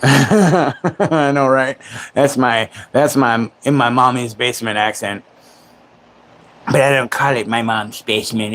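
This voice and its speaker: A man in his forties chatting casually on a livestream from his home. He jokes and mocks with a sarcastic edge, breaking into laughs often, at an average pitch. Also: measured pace, a bit bright, slight background noise. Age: 40s. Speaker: livestream host. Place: home, in Florida.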